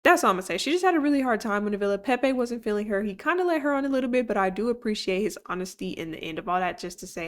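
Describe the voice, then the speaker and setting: Young woman, casual vlog commentary, animated and chatty, quick to laugh and curse. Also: medium pitch. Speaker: YouTuber recapping a reality show.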